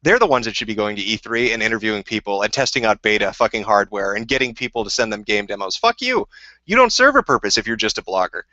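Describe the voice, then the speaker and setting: A man's voice: on the low side, big pitch swings, quick pace, few pauses, pushed and bright, no echo, dull audio. A man hosting a livestream, ranting heatedly and swearing constantly while answering chat questions. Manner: profane, combative, heated. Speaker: livestream host.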